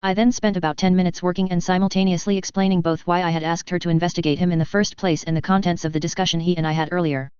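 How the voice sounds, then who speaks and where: A woman narrating a first-person story in an audiobook with a steady, even reading. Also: lowish voice, quick pace, hardly any pauses, clean tone, no room sound. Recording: dull, lo-fi and dry.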